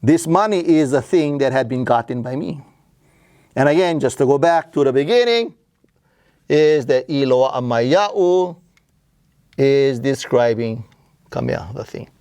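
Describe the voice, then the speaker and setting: A man's voice: mid-range voice, expressive, measured pace, long pauses, darkish tone, smooth, dry recording, studio quality. A man teaching a grammar lesson, explaining patiently and asking and answering his own questions. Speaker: Hawaiian language teacher.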